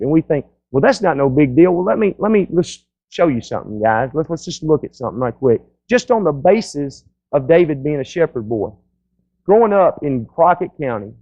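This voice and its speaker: Folksy Southern pastor preaching. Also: male voice, on the high side, highs cut off. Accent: Southern American. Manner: folksy, conversational, acts out listeners' voices. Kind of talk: sermon. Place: church sanctuary.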